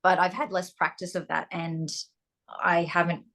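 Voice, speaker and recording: Low-voiced Australian actress, hesitant. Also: female voice, level tone, moderate pace, vocal fry, a bit bright. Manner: hesitant, restarts, frequent ums. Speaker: actress, interview guest. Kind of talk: casual interview chat.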